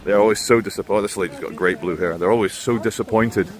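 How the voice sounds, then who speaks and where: A man's voice: lowish voice, fast, hardly any pauses, soft background music. Sarcastic, blunt male vlogger outdoors. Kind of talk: walking commentary vlog. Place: outdoors in town streets.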